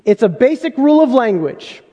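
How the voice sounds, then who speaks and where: Male pastor with a very high voice and an emphatic sermon delivery, recorded in a big reverberant hall. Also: sing-song, moderate pace, mellow. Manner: emphatic, full of rhetorical questions.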